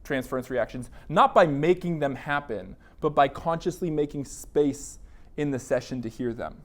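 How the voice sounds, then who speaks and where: A man's voice: fairly high pitch, lively intonation, measured pace. A man giving a university counseling lecture in a casual, conversational way, acting out his own inner dialogue. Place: classroom.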